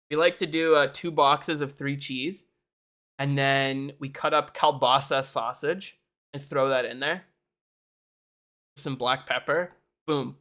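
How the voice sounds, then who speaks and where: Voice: mid-range voice, a bit bright. Laughing, rambling streamer. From Canada. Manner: laughs often, swears casually, rambling asides. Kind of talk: casual chat to a live audience. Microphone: desk mic for a live stream.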